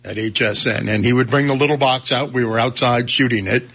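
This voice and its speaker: Husky-voiced male radio co-host. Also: medium pitch, fairly even intonation, a little fast, a bit bright. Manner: anecdotal, frequent affirming murmurs. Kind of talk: casual radio chat.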